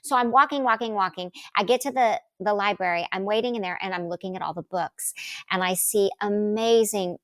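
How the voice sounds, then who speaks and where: Middle-aged woman guest, animated storyteller, big pitch leaps, dry close sound. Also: fairly quick, no room sound. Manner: lively, acts out quotes with big pitch jumps.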